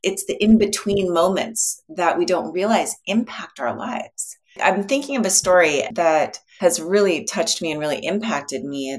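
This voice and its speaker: A woman psychologist as an interview guest, speaking reflectively and telling a story. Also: low-pitched. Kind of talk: interview conversation.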